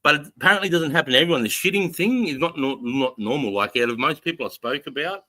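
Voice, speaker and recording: A middle-aged man, hosting a live show and telling a profane, animated story full of acted-out quotes. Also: fairly high pitch, fast, no room sound. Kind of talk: casual storytelling.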